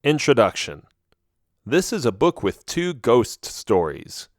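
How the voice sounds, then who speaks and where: A man reading a children's ghost story aloud as an audiobook narrator, telling it in an expressive storytelling manner. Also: mid-range voice, takes it slowly, dry recording, studio quality. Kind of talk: scripted narration.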